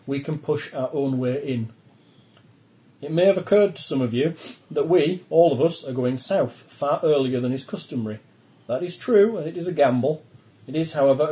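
A man's voice: fairly high pitch, warm tone, close to an everyday voice, rough recording. A man voicing a professor leading a polar expedition, briefing the crew in a formal, lecturing way.

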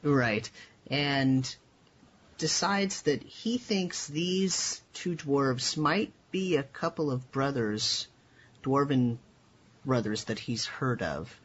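A man narrating as game master in a tabletop game, halting with many fillers. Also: medium pitch, a bit bright. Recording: dull lo-fi voice chat with faint hiss.

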